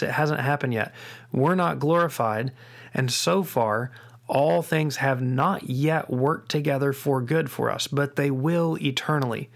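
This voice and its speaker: Middle-aged male podcast host, gravelly voice, earnest and reflective delivery, repeats key lines slowly, frequent restarts. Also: mid-range voice. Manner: earnest, repeats key phrases with slow emphasis; frequent restarts and doubled words. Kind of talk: faith-based parenting podcast talk.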